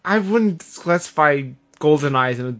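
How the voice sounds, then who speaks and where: A blunt man teasing his co-hosts on a comedy podcast. His voice is bright and forceful and sits a little high. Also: animated, moderate pace. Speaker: podcast co-host. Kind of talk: casual comedy chat.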